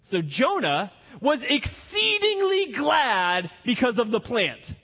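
A male pastor delivers a sermon with lots of energy and acts out the people in the story as he goes. His voice sits high and moves all over the place. It carries a long reverb, like a big church hall. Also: slow pace, few pauses. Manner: animated, acts out the characters' lines.

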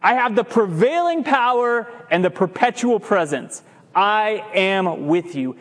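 High-voiced preacher in an echoing church. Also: male voice, a little slow. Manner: lively preaching, stretches key words, stumbles and restarts. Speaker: pastor. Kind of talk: sermon. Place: church sanctuary. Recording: long hall reverb.

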